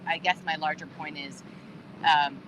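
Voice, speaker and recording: A woman's voice: low voice, fairly even intonation, unhurried, background noise. A woman actor on a panel, talking emphatically with laughs and restarts over a video call from a moving RV. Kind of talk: casual panel chat. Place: inside a moving RV.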